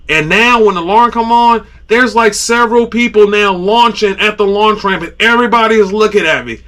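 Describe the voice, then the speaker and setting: Man, podcast host, casual storytelling, animated, bright voice. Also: high-pitched, fairly quick. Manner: animated, acts out his own reactions and sound effects.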